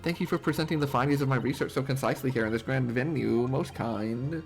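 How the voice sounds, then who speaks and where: Sneering game villain, a proud English lady read by a man, gravelly edge, looks down on everyone. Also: medium pitch, fast, natural voice. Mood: smug. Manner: disdainful, condescending reading. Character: haughty English woman, scornful villain.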